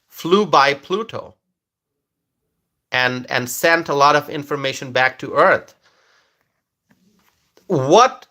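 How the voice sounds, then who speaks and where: A man talks straight to his audience in a casual monologue. His voice has a bright, forceful edge. He stumbles through fillers and restarts, then repeats his key lines for emphasis. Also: on the high side. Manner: halting, with many fillers and restarts. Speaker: political commentator.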